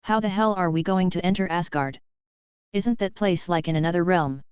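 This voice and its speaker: A confused, doubtful young woman in a novel audiobook, voiced by a woman narrator. She asks her questions plainly in a smooth, clear, lowish voice. The recording is dry and a little dull. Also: normal speed, darkish tone, dry recording, natural voice. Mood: puzzled.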